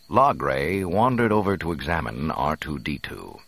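A man narrating a storybook in an expressive, dramatic reading. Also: very deep voice, normal speed, vocal fry, hardly any pauses, breathy edge.

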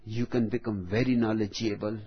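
A man giving a spiritual discourse, slow and deliberate, with long pauses between phrases. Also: lowish voice, fairly even intonation, breathy edge. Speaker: spiritual teacher. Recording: dull lo-fi recording.

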